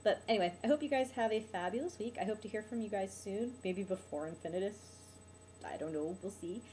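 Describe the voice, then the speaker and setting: A young woman vlogs casually about her bad weekend, venting with exasperation and filling her speech with "like" and "um." Her mid-range voice is mellow and fairly quick, with a little hiss or hum on the recording.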